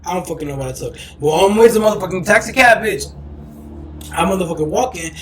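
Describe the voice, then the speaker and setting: A man's voice: sits high, expressive, fast, reverberant, a crowd in the background, poor audio. A young man hosting a podcast in casual chat, brash and profane, breaking into mocking shrieks. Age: young adult. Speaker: podcast host. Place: lives in Los Angeles.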